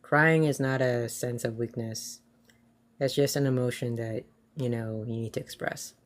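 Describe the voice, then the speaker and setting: A man joins a casual chat as co-host, talking in an earnest, offhand way. His voice sits at an ordinary middle pitch. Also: fairly even intonation, unhurried.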